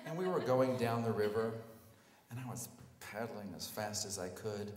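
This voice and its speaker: Animated man telling a story on stage. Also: lowish voice, normal speed. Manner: animated, self-mocking, acts out scenes. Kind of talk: personal story told live on stage. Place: stage at a live storytelling show. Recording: echoey hall, live stage.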